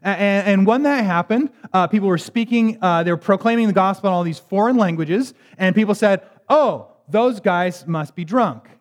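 A man with a high voice preaches a sermon, reading scripture aloud and unpacking it in a conversational, emphatic way with wry asides. His voice rings out with a long hall reverb, as if recorded in a church sanctuary. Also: fairly quick, hardly any pauses.

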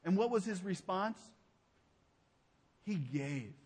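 A man preaching a sermon as pastor. He speaks emphatically and drops to a hushed low voice on key phrases. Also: animated, slow, husky, big-room sound. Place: church sanctuary.

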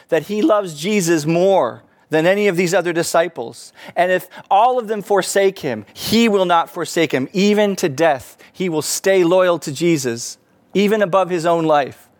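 A man preaching a sermon, earnest, rising to emphatic peaks and falling back soft. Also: high-pitched, normal speed, no echo. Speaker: pastor.

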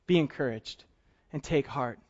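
A man's voice: mid-range voice, normal speed, lo-fi sound. A middle-aged male pastor preaching a conversational sermon, acting out both sides of dialogues with self-deprecating humor. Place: church service.

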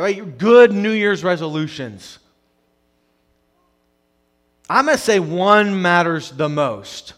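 A young adult man preaching a sermon, swinging between loud emphatic passages and hushed quiet ones. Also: on the high side, expressive, brisk, few pauses. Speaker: pastor.

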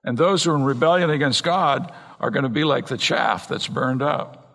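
A man preaching an earnest expository sermon from the pulpit, slowing down and speeding up to stress points. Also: medium pitch, gravelly, fairly bright tone. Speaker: pastor. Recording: long reverb in a large hall.

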